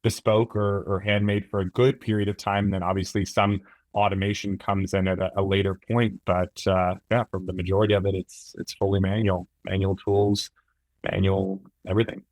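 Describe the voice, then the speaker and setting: A man with a low voice, talking as a guest on a podcast. He agrees readily and explains things at length, padding his speech with fillers and restarts. The recording is dry and close. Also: level tone, normal speed, darkish tone, no echo. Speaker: camera product manager guest. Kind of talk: casual interview chat.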